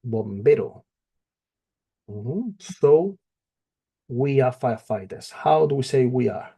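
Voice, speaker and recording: Very slow, husky male teacher. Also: mid-range voice, expressive, dark tone. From not from England. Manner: slow and patient, repeating each phrase. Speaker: Spanish teacher. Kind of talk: slow spoken language lesson.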